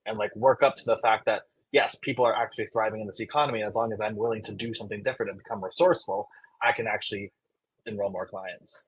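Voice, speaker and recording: A man co-hosting a fitness podcast who speaks in a measured, coaching way. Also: lowish voice, steady tone, breathy edge, no echo, rough recording. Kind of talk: casual podcast chat.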